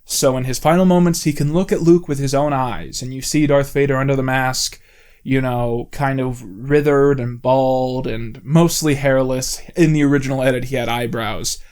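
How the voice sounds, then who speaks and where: A man's voice: medium pitch, fairly even intonation, normal speed, a little mellow, clear, resonant tone. A man talking off the cuff into a close mic, explaining at length in a casual, rambling way with many "you know"s and "like"s. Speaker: video essay host.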